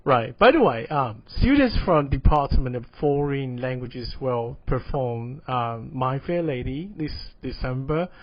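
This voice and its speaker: A man's voice: mid-range voice, lively intonation, a little slow, hardly any pauses, no room sound. A male university English lecturer giving a casual, encouraging mini lecture. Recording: dull dry recording.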